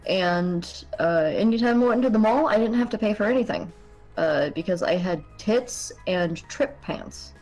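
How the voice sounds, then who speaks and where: A woman's voice: mid-range voice, expressive, normal speed, darkish tone, low-quality recording. A woman from New England talks in a loose, joking way, swearing freely and poking fun at the others. She has been drinking and sounds it. Music runs faintly behind her. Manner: crude, joking, blunt. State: tipsy from drinking. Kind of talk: casual chat.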